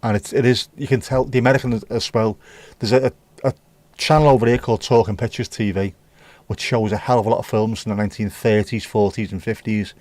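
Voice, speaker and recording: A man's voice: on the low side, steady tone, fast talker, a little mellow, dry recording. British guy chatting on his stream, reads out comments and riffs, bit sweary, dry close sound. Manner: reads viewer comments aloud and riffs on them; chatty, opinionated, mildly profane. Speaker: livestream host. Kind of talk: casual livestream chat.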